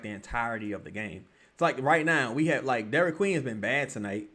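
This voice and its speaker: Male streamer, casual and profane, lively pitch swings from mumbles to shouts. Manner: profane, animated, swings from mutters to yelling. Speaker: streamer reacting to a live game. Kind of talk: casual live game reaction.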